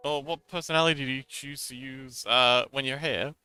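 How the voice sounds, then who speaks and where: A man's voice: medium pitch, steady tone, normal speed, sharp tone. A man chatting playfully on a livestream while drawing, reading viewer messages aloud and answering them, with faint music behind. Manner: reads chat aloud and chats back, playful. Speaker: streamer drawing fanart. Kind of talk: casual livestream chat.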